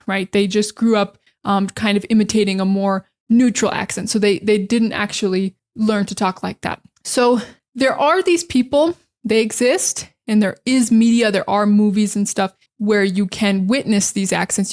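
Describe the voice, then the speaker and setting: A young American woman with a standard accent, teaching in a casual, chatty monologue full of fillers and slow explanations. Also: medium pitch. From Northeastern United States. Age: young adult. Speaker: English teacher.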